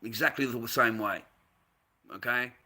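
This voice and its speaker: An Australian man with a mid-range voice rants angrily to camera at a measured pace, his tone bright and forceful. He's a volunteer recounting a workplace dispute, telling a heated, profane story about being mistreated and repeating himself as he complains.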